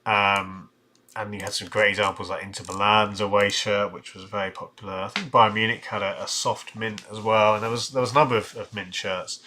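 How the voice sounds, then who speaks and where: A man's voice: on the low side, fairly even intonation, a little fast, sharp tone, a little hiss or hum. A man hosting a live stream, reviewing football shirts and reading out viewer comments, thinking aloud with many fillers and restarts. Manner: reads out viewer chat comments.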